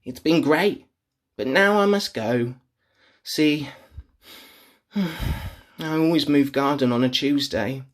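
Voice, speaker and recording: A man voicing a small, cheeky male troll in a bright, sing-song storybook voice. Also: a little high, slow, long pauses. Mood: wistful.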